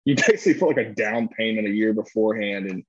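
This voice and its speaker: A man's voice: lowish voice, fast, no room sound, dull audio. A man co-hosting a casual sports podcast, rambling and restarting often, laughing easily. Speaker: podcast co-host, former player.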